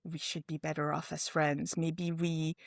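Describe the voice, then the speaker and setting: A woman co-hosting a casual chat, telling a story with lively acted-out dialogue. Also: unhurried, creaky, no echo, studio quality. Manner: animated storytelling, acting out dialogue with big pitch jumps. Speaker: podcast co-host.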